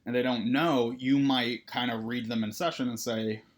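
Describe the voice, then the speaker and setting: Therapist lecturing counseling students, medium-pitched male voice, relaxed and conversational, peppers his talk with "right?". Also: moderate pace. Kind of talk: recorded lecture.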